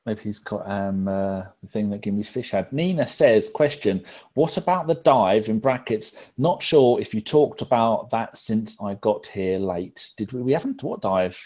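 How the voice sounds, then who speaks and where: A man's voice: fairly low pitch, lively intonation, unhurried, hardly any pauses, dark tone. A man hosting a live podcast, reading out viewer comments in a loose, casual way and swearing freely. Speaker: podcast host reading chat. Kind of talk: casual live-stream chat.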